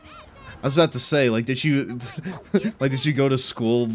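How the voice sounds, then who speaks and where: A man's voice: mid-range voice, normal speed, faint music behind. A young man in his twenties chatting casually and laughing while he streams a video game, rambling with lots of fillers. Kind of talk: casual chat while gaming.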